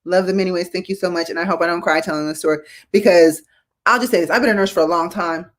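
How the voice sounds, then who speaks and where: A woman's voice: lowish voice, fast. A woman in her forties, a veteran nurse hosting a live-streamed talk show, speaking casually and growing emotional as she tells hospital stories. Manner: casual, addresses viewers as y'all.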